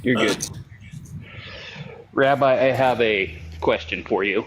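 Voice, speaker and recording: A man's voice: mid-range voice, slow, noisy background. A man in his forties asking a question in an easygoing, offhand way. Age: 40s.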